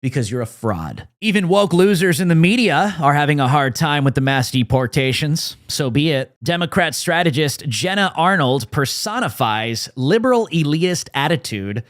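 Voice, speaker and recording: A male commentator reads a scripted political segment with a combative, mocking edge. His voice sits fairly high for a man and swings widely in pitch as he jeers. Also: lively intonation, normal speed, hardly any pauses.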